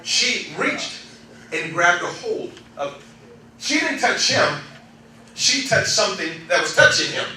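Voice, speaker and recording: High-voiced animated preacher in echoey hall. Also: male voice, slow, slight background noise. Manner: animated, laughing often, swings between loud exclaims and quiet storytelling. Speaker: pastor. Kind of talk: sermon. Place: church sanctuary. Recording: echoey church hall, mic from far off, congregation responding. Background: congregation calling out responses.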